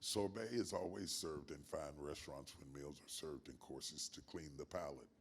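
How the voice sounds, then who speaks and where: An older man with a grandfather's years, a pastor answering interview questions in a measured, emphatic preaching cadence with repeated phrases. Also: extremely low pitch, a little hiss or hum. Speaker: guest pastor.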